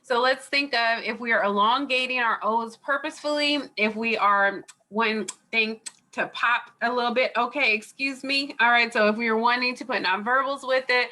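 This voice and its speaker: Her voice sits on the high side with a sharp tone, and she speaks at a moderate pace. This college instructor is giving an online review lecture over a video call from home or an office, heard via a computer mic, chatty and digressive with many fillers.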